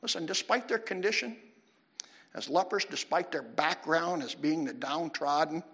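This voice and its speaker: Husky guy preaching, bright sharp tone, asks the crowd stuff a lot. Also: fairly high pitch, normal speed. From United States. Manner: animated preaching, questions to the audience. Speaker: pastor. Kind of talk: sermon.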